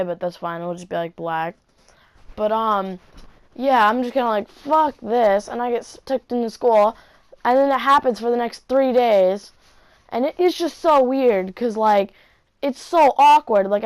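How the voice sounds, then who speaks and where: A woman's voice: mid-range voice, darkish tone, clear, resonant tone. A woman vlogger telling a story to camera in a casual, rambling way, swearing constantly. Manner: heavy swearing, rambling asides.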